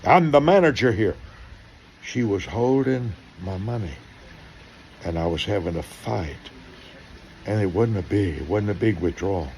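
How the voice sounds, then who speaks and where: Here an older, low-voiced pastor delivers sermon-style stories at a moderate pace. Acting out each line of dialogue with energy, he alternates booming moments with hushed remarks. A slight hum lingers in the background.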